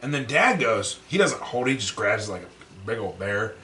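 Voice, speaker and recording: Male podcast co-host, animated storyteller, bright tone, echoey room, slightly distant mic. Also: fairly low pitch, normal speed. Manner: animated, profane, laughs often, acts out quotes. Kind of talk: casual storytelling chat. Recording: roomy echo, a bit off-mic, faint background noise.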